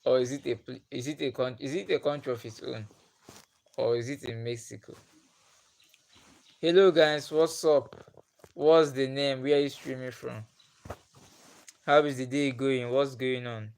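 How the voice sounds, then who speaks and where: A man's voice: medium pitch, fairly even intonation, measured pace, creaky, long pauses, a little mellow. A young Nigerian man with a Nigerian accent, casually chatting with viewers on his live stream, greeting them by name and laughing often. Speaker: livestream host.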